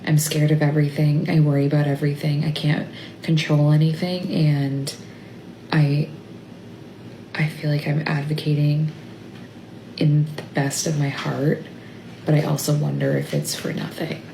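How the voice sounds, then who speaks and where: A tearful woman recording a personal video diary, talking haltingly and trailing off into near-whispers. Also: low-pitched, little pitch movement, vocal fry, roomy sound, noisy background. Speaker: mother vlogging about family illness. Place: stepped away from her workplace. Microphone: phone.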